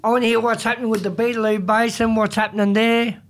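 A high-voiced Australian man trades casual radio banter. He is blunt and laconic, and he leans on slang. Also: little pitch movement, fast talker. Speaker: radio co-host.

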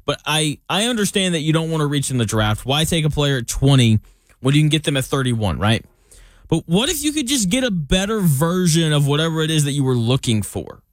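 Young guy on a sports talk show, kinda high voice, dry close sound, opinionated and chatty. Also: sing-song, a little fast, no room sound. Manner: opinionated, conversational, with jokey asides. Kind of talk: casual sports talk commentary.

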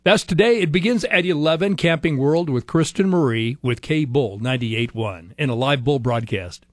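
A man's voice: medium pitch, normal speed, no echo. Chatty male radio DJ, dry studio sound. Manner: chatty, laid-back patter. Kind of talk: upbeat radio announcing. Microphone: close studio mic.

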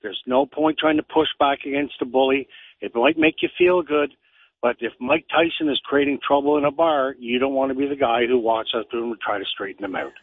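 A man's voice: medium pitch, fairly quick, slightly rough, no echo. A man calling in to a radio show, giving blunt, matter-of-fact opinions. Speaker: caller. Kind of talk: phone-in opinion. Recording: tinny phone line.

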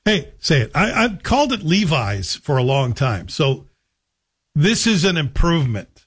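A man's voice: fairly high pitch, sing-song, a little slow, husky. Sarcastic male talk radio host. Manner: sarcastic, joking. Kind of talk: radio monologue.

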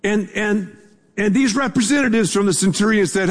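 A man's voice: high-pitched, normal speed. A man preaching a sermon as pastor, talking in a casual, conversational way with repetitions and asides to the congregation, recorded in a church sanctuary. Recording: long hall reverb from a large room.

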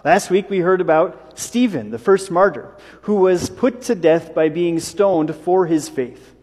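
A man preaching a sermon in a church, his voice carried on the long reverb of the hall. His pitch sits a little high for a man, and he talks in an easy, conversational way, slipping in jokes and asides. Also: unhurried, darkish tone, husky. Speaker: pastor.

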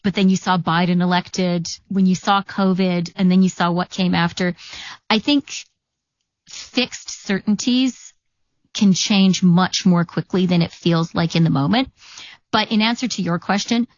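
Canadian woman politician, measured and earnest. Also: lowish voice, dry recording, muffled recording. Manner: measured, earnest explanations with anecdotes. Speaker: politician guest. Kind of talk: interview answers.

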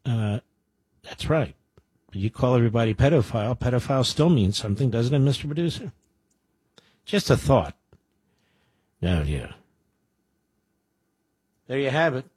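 Sarcastic older radio host guy, husky voice, dry studio sound. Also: medium pitch, very animated, normal speed, long pauses, a little mellow, dry recording. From Philadelphia area. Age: 60s. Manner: sarcastic, mocking, emphatic. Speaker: radio talk show host. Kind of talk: combative talk radio monologue. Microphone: studio microphone.

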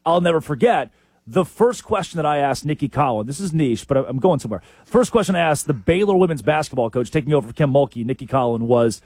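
A sports talk host tells stories with lots of animation. His high voice is slightly husky and swoops widely. The recording is dry and close, with no room sound. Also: fast, no room sound. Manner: animated storyteller, lively impressions.

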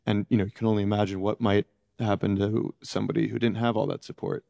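A middle-aged man giving reflective interview answers, halting and searching for words as he goes. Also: on the low side, level tone, creaky, mellow, dry recording, studio quality. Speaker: interview guest, former prisoner.

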